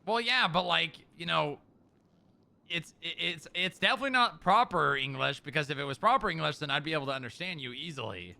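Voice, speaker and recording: Brief: male roleplay streamer, animated, gravelly, very bright tone, teasing. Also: a little high, brisk. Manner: teasing, animated, laughs easily. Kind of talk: casual in-character roleplay banter.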